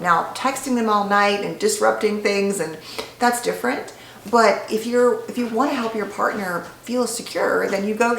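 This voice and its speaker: A woman's voice: medium pitch, brisk, gravelly, fairly bright tone, slight background noise. A woman psychologist giving an educational talk straight to the viewer, conversational and explanatory. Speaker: licensed psychologist. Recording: echoey room with faint ambience.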